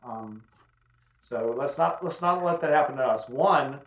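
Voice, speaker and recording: A man hosting a casual chat among friends, telling animated stories, acting out the people in them and swearing freely. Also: mid-range voice, measured pace. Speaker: host. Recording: echoey room, dull lo-fi sound.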